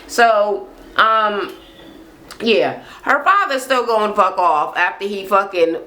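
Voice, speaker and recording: A woman's voice: mid-range voice, slow. A woman recapping a reality show on her channel, blunt and heavy on profanity, acting out what people said. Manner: animated storyteller acting out quotes. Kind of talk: casual recap rant.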